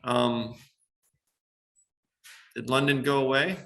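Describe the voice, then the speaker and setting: A man teaches a computer science class, talking through a live coding demo. His voice is bright and sits at an average pitch. He explains step by step, with many fillers and quick checks with the students. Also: level tone, vocal fry. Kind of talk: classroom lesson on screen.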